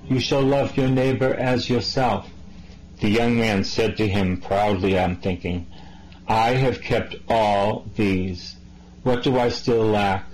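A man's voice: mid-range voice, a little mellow, a little hiss or hum, low-quality recording. A man preaching a sermon, reading scripture aloud and then explaining it in a conversational way, with some false starts.

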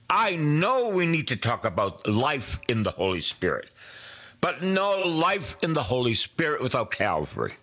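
A man preaching a sermon, slow and emphatic, dropping to soft whispers for prayers. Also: mid-range voice, sing-song.

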